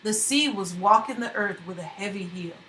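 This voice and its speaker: A woman's voice: medium pitch, a little hiss or hum. Woman reading a novel in an echoey room. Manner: steady, measured narration. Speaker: reader. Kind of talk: novel read aloud.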